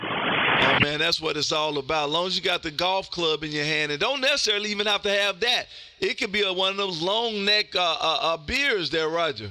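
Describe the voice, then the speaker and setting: A man hosting a ham radio stream, loud and folksy, calling out for contacts. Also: high voice, fairly quick, a little hiss or hum. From Texas.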